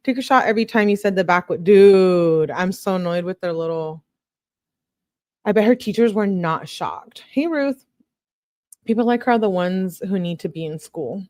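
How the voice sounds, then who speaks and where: Casual, low-voiced woman commenting to chat. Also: normal speed, a little mellow, dry recording, studio quality. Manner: chatty, reacts to viewer chat with asides. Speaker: true crime video host. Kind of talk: casual commentary, reading text messages aloud.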